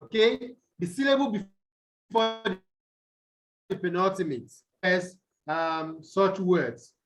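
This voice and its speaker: Nigerian-based english tutor guy, high voice, talks slow, keeps asking the class questions over a video call. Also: animated, a bit bright. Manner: slow, deliberate, quizzes students. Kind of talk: online tutorial lesson.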